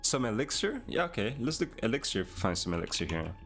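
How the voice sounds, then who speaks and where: A man's voice: medium pitch, big pitch swings, brisk. Chill guy streaming code, talking to chat, bit of music behind. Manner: laid-back, thinking aloud to chat. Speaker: livestream host, programmer. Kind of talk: casual livestream chat. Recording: faint background music.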